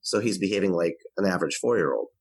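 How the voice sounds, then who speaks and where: Male interview guest, very low voice, dry close sound, earnest and explanatory delivery. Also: expressive, fast, no echo, low-quality recording. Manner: earnest, explanatory, varies his pace to demonstrate. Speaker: guest expert on parenting. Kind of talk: conversational advice interview.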